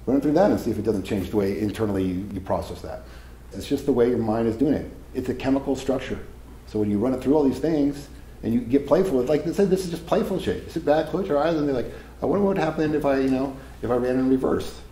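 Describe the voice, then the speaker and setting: A man's voice: mid-range voice, fast, mellow, roomy sound, a little hiss or hum, poor audio. A man giving a live seminar talk to an audience, casual and profane, telling stories as he goes. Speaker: seminar speaker.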